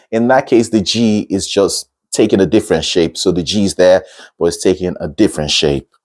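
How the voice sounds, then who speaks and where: A man teaching singing, who explains patiently step by step, repeats words slowly and breaks into short sung examples. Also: low-pitched, a little mellow. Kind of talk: instructional talk.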